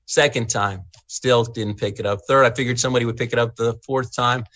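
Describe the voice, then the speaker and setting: A middle-aged man running for state senate, answering interview questions in a folksy, animated way, often repeating and restarting words as he tells a story. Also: medium pitch, fairly quick, hardly any pauses, dry recording.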